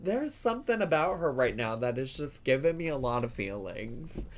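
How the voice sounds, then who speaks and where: A man's voice: mid-range voice, very animated, normal speed. Emotional, chatty male reaction host. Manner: emotional, chatty, swears freely. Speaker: YouTube host reacting to a video. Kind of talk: casual reaction commentary.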